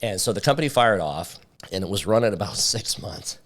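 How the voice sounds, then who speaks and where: A man with a very low voice tells his story as a company founder in a relaxed interview. He brings the story to life by acting out what each person said. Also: fairly quick. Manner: lively storyteller who acts out quoted dialogue.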